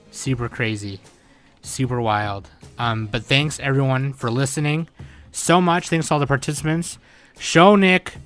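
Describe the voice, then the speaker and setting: A man's voice: medium pitch, fairly bright tone. A man hosting a casual anime podcast, laid-back and tired, with lots of fillers and swearing. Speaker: podcast host. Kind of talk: casual chat.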